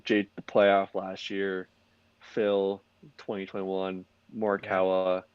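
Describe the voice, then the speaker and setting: A man's voice: low voice, monotone, takes it slowly, a little mellow, clean tone, no echo, muffled recording. A young man co-hosting a podcast, chatting casually and rambling with lots of "like" and restarts. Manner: rambling, heavy use of "like", many restarts. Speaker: podcast co-host. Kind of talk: casual sports chat.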